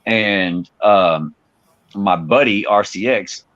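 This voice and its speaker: A man's voice: on the low side, slow, no room sound, dull audio. A man, a rapper guest telling stories in casual interview chat and acting out quotes. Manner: animated storyteller, acts out quotes.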